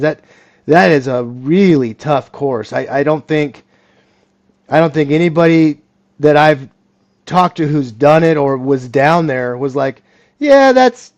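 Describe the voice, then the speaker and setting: A man's voice: on the high side, no room sound, lo-fi sound. A man hosting a podcast, chatting encouragingly with his guest in a casual interview. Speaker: podcast host.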